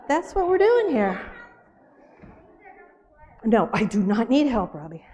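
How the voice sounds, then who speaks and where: A woman telling a playful children's story with a puppet at a church service, animated and laughing as she coaxes and scolds. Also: on the high side, slow.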